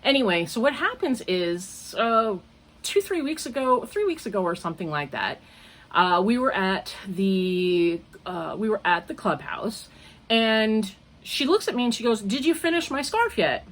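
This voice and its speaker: A woman's voice: mid-range voice, big pitch swings, measured pace. An older woman chatting about her crochet projects and telling a long story. She rambles and jumps between points, often laughing at herself as she talks. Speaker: crochet podcaster. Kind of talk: casual chat.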